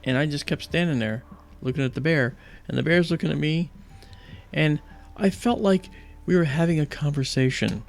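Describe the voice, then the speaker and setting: A man hosting a live stargazing stream, telling rambling, animated stories with many fillers and pauses. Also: a little high, vocal fry, soft background music. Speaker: livestream host. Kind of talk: casual storytelling during a live stargazing stream.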